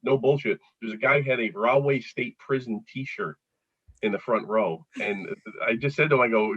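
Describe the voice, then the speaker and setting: A man's voice: mid-range voice, normal speed, husky, no room sound. A middle-aged man with a Philadelphia accent, a comedian chatting as a guest and telling jokey stories that he laughs at himself. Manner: joke-telling storyteller, laughs at his own lines. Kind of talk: casual chat. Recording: dull lo-fi sound.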